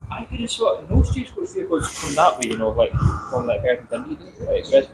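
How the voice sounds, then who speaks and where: Lively co-host over crowd noise. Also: male voice, sits high, fairly quick, roomy sound, poor audio. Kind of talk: casual live-stream chat. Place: outdoor bus station. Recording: busy crowd noise behind.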